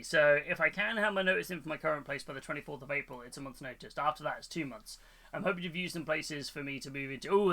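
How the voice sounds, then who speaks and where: Male streamer, bright higher voice, rambling and chatty, corny-joke teller. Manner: chatty and rambling, reading chat and telling corny jokes. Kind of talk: casual live-stream chat.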